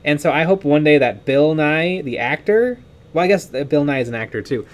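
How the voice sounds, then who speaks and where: A man with a higher voice co-hosts a live miniature painting stream, talking a little fast. He chats casually, reads viewer comments, laughs often, and is excitable, sometimes trailing off.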